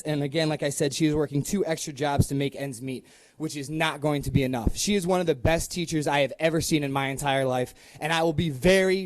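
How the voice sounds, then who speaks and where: A man's voice: on the high side, a little mellow, dry recording. A young man, a school department head, giving an impassioned public comment with many "um" fillers.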